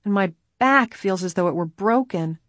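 A woman's voice: medium pitch, animated, normal speed, a bit bright, no echo, clean studio sound, lightly acted. A woman voicing a nervous, timid teenage girl in an audiobook, speaking in a worried, fretful way. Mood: complaining.

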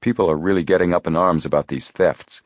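A man voicing a calm, methodical teenage detective boy who explains his reasoning in a measured way. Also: sits low, dry recording, studio quality, natural voice.

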